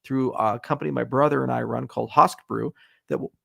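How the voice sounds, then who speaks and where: A man's voice: mid-range voice, fairly even intonation, brisk, vocal fry, husky. A middle-aged man hosting a casual livestream Q&A, answering viewer questions in a blunt, sarcastic and profane way. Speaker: host.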